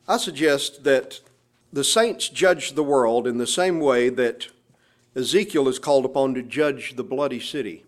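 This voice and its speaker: A man's voice: medium pitch, measured pace. A man preaching a sermon, explaining and quoting scripture passages with emphasis. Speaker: pastor.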